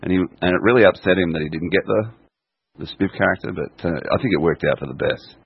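A man with a very low, gravelly, husky voice chats casually, reminiscing and quick to laugh. The sound is close and dry, with a dull lo-fi edge from the recording. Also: no echo. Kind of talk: casual chat.

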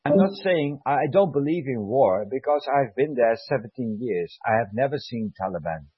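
A former army sergeant, appearing as a guest, rants heatedly and emotionally, swearing and repeating himself to drive his point home. His medium-pitched voice has lively intonation and a moderate pace, captured in dull lo-fi sound with slight background noise.

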